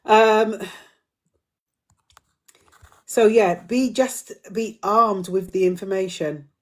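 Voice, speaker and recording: A middle-aged woman hosts a community live drop-in, a casual live-stream talk, speaking earnestly and repeating her points for emphasis. Her medium-pitched voice takes things slowly, and her throat sounds a little dry.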